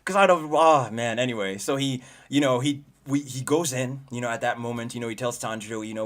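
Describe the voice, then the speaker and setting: A young man rambles through a film review on his livestream, his voice sitting in an ordinary middle pitch. He talks in bursts of fillers and restarts and keeps circling back to his points. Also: fairly quick, a bit bright. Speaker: livestream host. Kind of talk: excited movie review chat.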